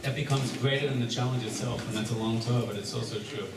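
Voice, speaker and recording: A man, a rabbi leading a seder, teaching a live gathering in a joking, energetic way and addressing the crowd directly. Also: medium pitch, fast. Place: large echoey room with a gathering. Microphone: distant room recording. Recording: echoey room recording from far off with background noise.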